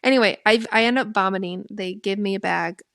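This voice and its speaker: A young woman co-hosting a podcast, telling a personal story in a candid, conversational way. Her voice sits at a middle pitch and jumps up when she acts out what she said. The sound is dry and close, with no room echo. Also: a little fast, gravelly. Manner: lively, candid, quotes herself in animated bursts. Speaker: podcast co-host.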